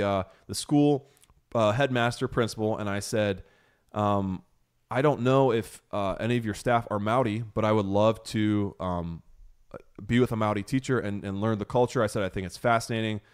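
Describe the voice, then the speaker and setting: A man's voice: on the low side, smooth. A young man hosting a podcast, who tells a story in a casual chat and acts out the quotes with animation. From United States. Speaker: podcast host.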